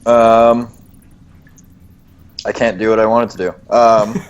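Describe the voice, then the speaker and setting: A man's voice: mid-range voice, level tone, slow pace, clear, resonant tone, highs cut off. A man playing a tabletop game, speaking hesitantly with many fillers. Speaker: player. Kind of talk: tabletop role-play.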